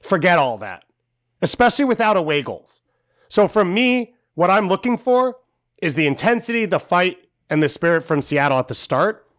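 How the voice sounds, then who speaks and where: A man co-hosting a soccer podcast, giving measured, analytical opinions. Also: high voice, very animated, a bit bright. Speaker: podcast co-host.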